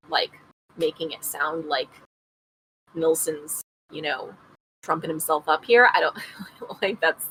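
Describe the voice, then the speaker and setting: A woman's voice: low-pitched, a bit bright, slight background noise, rough recording. A woman co-hosting a podcast, retelling a true-crime case in a chatty way, reading passages aloud and adding her own asides. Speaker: podcast co-host. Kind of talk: casual true-crime storytelling.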